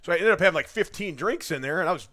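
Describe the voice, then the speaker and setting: Brief: a fast-talking man with a sharp, bright voice, spinning rambling stories mid-drink. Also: sits high, lively intonation. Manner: rambling, laughing anecdotes. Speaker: guest storyteller. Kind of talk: casual podcast chat.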